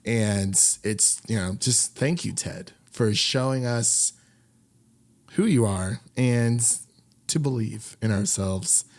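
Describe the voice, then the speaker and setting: A man's voice: on the low side, slow pace. Laughing, rambling male podcast host. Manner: rambling, laughs often, lively sign-offs. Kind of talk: casual podcast chat.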